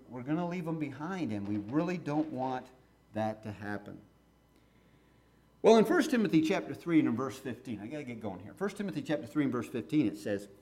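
Middle-aged guy preaching, kinda high voice, lots of ups and downs, talks it out casual. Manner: lively, conversational, reads scripture aloud. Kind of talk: sermon.

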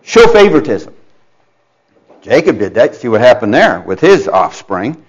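A man's voice: medium pitch, very animated, moderate pace, slightly rough, highs cut off. A man preaching a sermon in a conversational, emphatic way, addressing his listeners directly and acting out quoted parents. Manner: conversational, with restarts and asides to listeners.

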